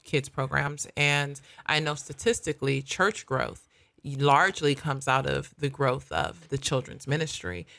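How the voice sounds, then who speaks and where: A woman co-hosting a faith podcast, talking in a relaxed, agreeable way and laughing easily. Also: rumbling low, vocal fry. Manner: conversational, quick to laugh, agreeable. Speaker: podcast co-host. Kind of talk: casual faith podcast chat.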